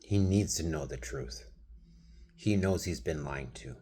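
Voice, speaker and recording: Husky low-voiced man in his thirties. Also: animated, measured pace, dark tone. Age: 30s. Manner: rambling, addresses someone absent, slips into whispered asides. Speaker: vlogger. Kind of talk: venting monologue to camera.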